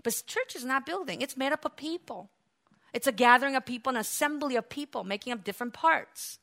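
A woman pastor preaching a sermon, building to loud, emphatic peaks and acting out her congregation's complaints. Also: high-pitched, animated, a little fast. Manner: acts out churchgoers' complaints in quoted voices.

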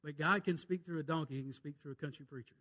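High-voiced Mississippi preacher telling a Bible story. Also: male voice, fast talker, sharp tone. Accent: Southern US, Mississippi. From Mississippi, USA. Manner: folksy storytelling with dramatic swings in volume. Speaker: pastor. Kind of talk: sermon.

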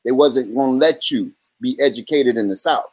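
A man's voice: medium pitch, normal speed, no room sound. A man from Brooklyn with a New York accent, chatting casually and animatedly in slang as a podcast co-host. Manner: animated, slangy, slips into mimicry. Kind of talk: casual chat.

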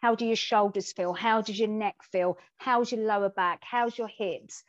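A woman co-hosting a podcast, telling a candid personal story at a mid pitch. She talks animatedly and acts out the dialogue she remembers. The recording is dry and dull. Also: steady tone, moderate pace, no echo. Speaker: podcast co-host.

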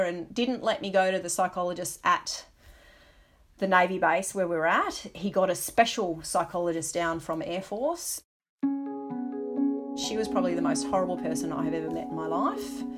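A middle-aged woman, a former navy helicopter pilot, recalls her training candidly in an interview, restarting sentences and pausing on ums. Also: lowish voice. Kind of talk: interview, personal recollection.

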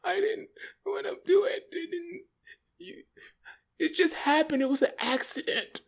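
A man voicing a young girlfriend in a high falsetto, pleading and defensive. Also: wildly swooping pitch, slow, full character voice. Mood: tearful.

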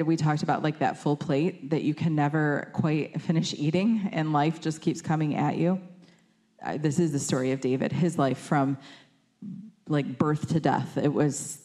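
A woman preaches in a low, mellow voice. Her talk is conversational and full of fillers, and she acts out quoted lines with lively shifts in voice. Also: moderate pace. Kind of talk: sermon.

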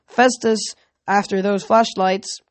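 A woman reading the part of a cocky, joking teenage boy mechanic, in a quick breezy manner. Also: medium pitch, fairly even intonation, dry recording, lightly acted.

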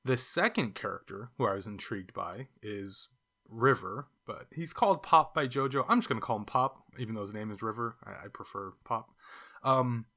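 A man with a Californian accent shares his thoughts on a novel in a casual, unscripted way. His voice is bright and forward, and he talks in an easy, reflective manner with the odd filler and restart. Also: lowish voice, expressive, moderate pace. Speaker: book reviewer. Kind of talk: casual book discussion.

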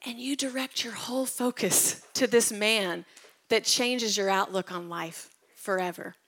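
A woman's voice: mid-range voice, unhurried, fairly bright tone. A woman retelling Bible stories in a casual devotional talk. She tells them with animation and drops to a whisper at tender moments. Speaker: Bible teacher.

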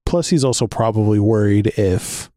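A man's voice: on the low side, normal speed, mellow, dry recording, studio quality. A man co-hosting a casual podcast chat, laughing often and restarting his sentences. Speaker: podcast co-host.

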